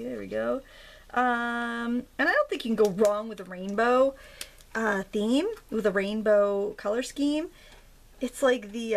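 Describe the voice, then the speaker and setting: A woman hosts a laid-back craft demo from home, chatting and joking as she thinks aloud through the work. She comes from Maine and has a light accent from there. Her voice is on the high side with vocal fry.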